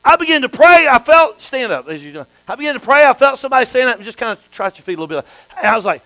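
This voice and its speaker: A man preaching a sermon as a bishop, dropping to hushed storytelling and rising to shouted praise. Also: very high-pitched, big pitch swings, very fast, no room sound, poor audio.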